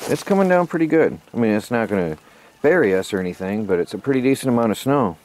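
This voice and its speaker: Filming on a handheld camera mic outdoors in the snow at his homestead, a man narrates a casual vlog in a medium-pitched, slightly mellow voice. His intonation is lively and his pace quick, and he rambles, sometimes winded from the cold and hauling firewood.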